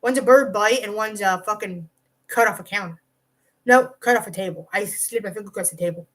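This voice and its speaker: A woman's voice: mid-range voice, fairly quick, rough recording. A woman telling a rambling, profane storytime monologue to her camera, full of "like" and side tangents. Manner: rambling and profane, heavy use of "like"; animated, jumps between asides. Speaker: vlogger.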